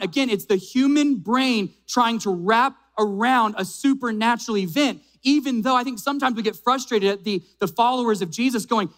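A male pastor with a notably high voice delivers a sermon. He preaches with emphasis, drawing out key phrases slowly and repeating them so they land. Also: fairly bright tone.

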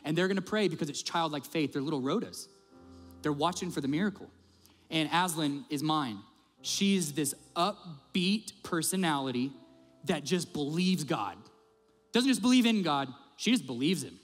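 Male pastor, sermon, animated and conversational, slightly high voice, long church reverb, faint music bed. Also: moderate pace. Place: church auditorium.

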